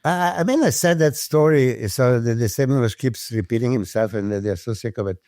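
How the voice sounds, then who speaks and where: A man, a podcast guest telling stories in casual chat, animated, swearing freely and acting out what others said. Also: medium pitch, a little fast, no room sound, studio quality. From Serbia. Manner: animated storyteller who swears freely and acts out quotes. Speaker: podcast guest, former pro bodybuilder.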